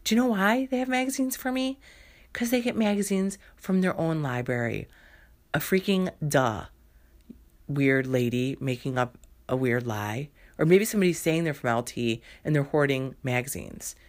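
A woman with a notably low voice tells a comic story as a monologue. She is sarcastic and exasperated as she acts out both sides of a phone call. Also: expressive, normal speed. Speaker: podcast host.

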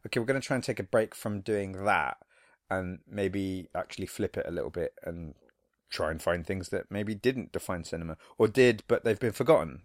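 A podcast co-host with a fairly low-pitched voice chats casually, slipping into playful impressions and silly voices. The recording is dry and studio quality.

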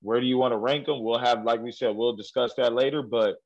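A man co-hosting a casual sports podcast, animated and ranting, quick to laugh. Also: medium pitch, muffled recording. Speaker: podcast co-host.

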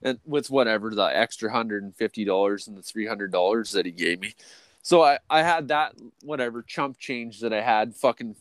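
A man co-hosts a podcast, telling a long story in casual chat while swearing constantly, restarting sentences, and ending lines with "or whatever, right?" He quotes people in a much higher, louder voice. His pace is moderate, and there's no echo.

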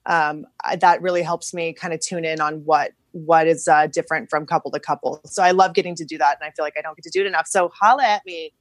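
A woman's voice: low voice, fast, hardly any pauses, no room sound. Bubbly woman photographer talking casually. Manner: bubbly and expressive, chatty. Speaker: guest photographer. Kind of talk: casual interview.

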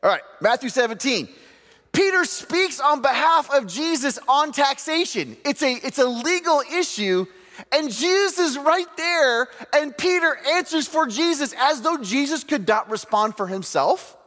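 Male preacher, humorous storyteller, lively pitch swings, long hall reverb. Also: a little slow. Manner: animated storytelling with humor and quoted voices. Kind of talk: sermon.

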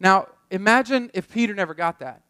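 A man with a noticeably high voice preaches a sermon in a relaxed, chatty storytelling manner. He often restarts and repeats words mid-thought. The sound is dry and close, with no room echo. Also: fairly quick, smooth. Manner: conversational storytelling, repeats words while thinking. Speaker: pastor.

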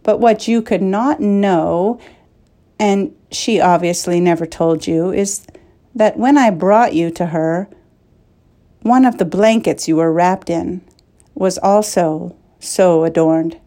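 A woman's voice: lowish voice, slow pace, mellow. A woman voicing a wise older male advisor who speaks in a wry, knowing way.

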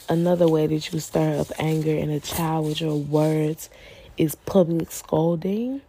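Low gravelly woman, earnest. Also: steady tone, measured pace, dark tone, slight background noise. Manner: earnest, pleading, rhetorical questions. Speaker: podcast host. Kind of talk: faith-based parenting talk.

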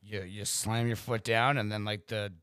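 A man's voice: lowish voice, moderate pace, clear, resonant tone, dry recording. A man in his late thirties chatting casually and joking, telling stories with plenty of swearing. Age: 30s. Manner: profane, joking, animated storyteller. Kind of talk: casual chat.

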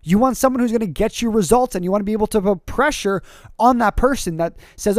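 A man hosts his own podcast as a public speaking coach. His voice sits a little high, and he pushes hard with emphasis and sudden energetic climbs. The recording is dry and close, with lots of "um"s and restarted words. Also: quick pace, dry recording. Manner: energetic, emphatic, rising to excited peaks; many fillers and word repeats. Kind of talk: podcast monologue.

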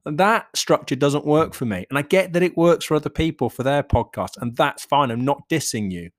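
A man's voice: on the high side, lively intonation, fairly quick. A man talking alone on his own podcast, reflective and rambling, swearing casually and often laughing. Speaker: podcast host and coach. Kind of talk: solo podcast monologue.

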